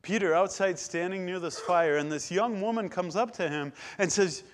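A man's voice: high voice, moderate pace. Man preaching a dramatic sermon. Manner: dramatic, swings from loud to hushed.

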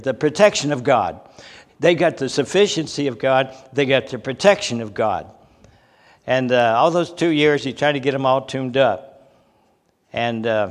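Older male preacher, folksy storyteller, chuckles between anecdotes, hall reverb. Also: mid-range voice. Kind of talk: folksy sermon with personal stories.

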